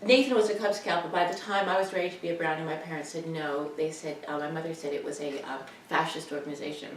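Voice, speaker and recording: A woman's voice: low voice, steady tone, quick pace. An older woman rambling wryly and self-deprecatingly in a casual personal video message at home. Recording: roomy, distant mic, faint noise.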